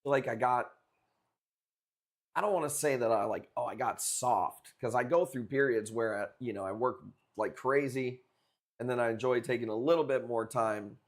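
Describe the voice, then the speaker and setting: Medium in pitch and moderate in pace, a young man from the Chicago area loosely chats with viewers of his live coral auction stream. He sells coral and swears casually throughout.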